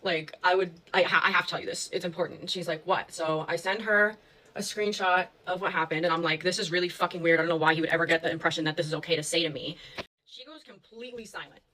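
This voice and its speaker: A woman's voice: fairly low pitch, quick pace, sharp tone, low-quality recording. A young woman telling a story to her viewers in a casual, chatty way, full of fillers and swearing.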